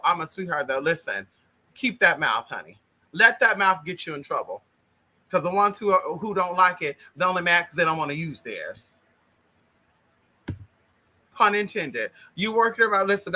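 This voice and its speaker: Flamboyant high-voiced man calling everyone honey. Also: expressive, normal speed, pushed and bright. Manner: profane and blunt. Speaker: livestream host. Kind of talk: casual livestream chat greeting viewers.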